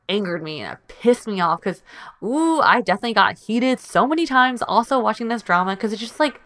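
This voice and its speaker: A woman's voice: medium pitch, a bit bright. Chatty woman gushing over a drama. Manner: chatty, heartfelt, lots of filler words. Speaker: drama reviewer. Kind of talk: casual chat.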